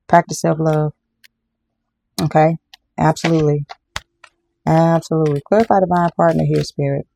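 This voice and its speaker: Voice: medium pitch, creaky, mellow, a little hiss or hum. A tarot reader giving a casual card reading to viewers, emphatic and repetitive, often calling the audience y'all.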